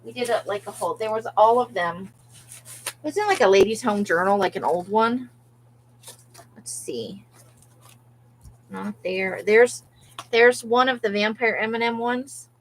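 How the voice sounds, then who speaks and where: A woman's voice: mid-range voice, unhurried, pauses often, slight background noise, low-quality recording. Chatty woman hosting a craft livestream. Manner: chatty and rambling, talking to herself while rummaging through supplies. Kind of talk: casual live-stream chat.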